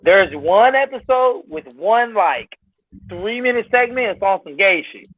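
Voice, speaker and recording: A man's voice: high-pitched, lively intonation, measured pace, dry recording. A man chatting casually as a podcast guest, blunt and emphatic, with frequent cursing. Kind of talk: casual chat. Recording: tinny phone-like line, very dry.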